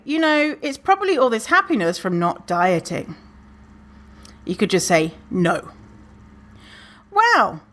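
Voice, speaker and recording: A woman's voice: on the high side, fairly bright tone. A woman hosting a podcast, giving casual advice in a sassy, swearing way and acting out quoted lines. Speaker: podcast host.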